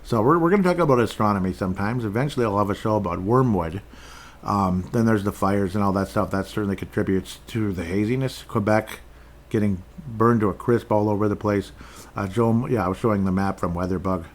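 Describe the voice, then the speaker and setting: A man's voice: lowish voice, fairly quick. A man hosting his own podcast alone, giving loose, rambling commentary on headlines and chat comments, often stumbling, restarting and dropping sarcastic asides. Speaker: podcast host.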